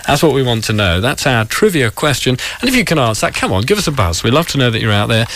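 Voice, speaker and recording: A man's voice: mid-range voice, very animated, quick pace, fairly bright tone, a little hiss or hum. A man from England presenting a morning radio show in a chatty, jokey way, with a polished broadcast voice he calls his posh radio voice. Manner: chatty, jokey, reading out listener letters; says he puts on a posh radio voice.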